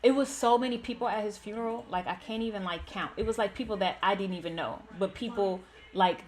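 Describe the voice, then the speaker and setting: A woman's voice: medium pitch, brisk. A young woman, host of a gaming channel, telling a painful personal story candidly, with many "like" fillers.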